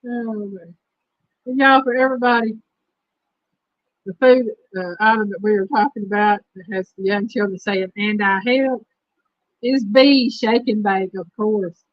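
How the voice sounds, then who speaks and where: A woman hosting a casual livestream chat, reading trivia questions slowly and repeating them. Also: mid-range voice, no room sound. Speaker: host. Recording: dull lo-fi stream audio.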